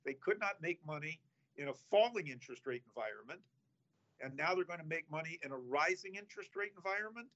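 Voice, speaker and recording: A man who manages investments, giving halting, measured explanations in a casual finance chat. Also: fairly high pitch, expressive, fairly bright tone, highs cut off.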